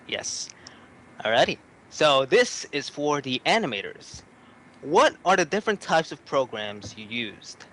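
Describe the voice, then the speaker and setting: A man hosting a casual livestream interview, asking questions with upbeat, quick reactions. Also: medium pitch, big pitch swings, fairly bright tone.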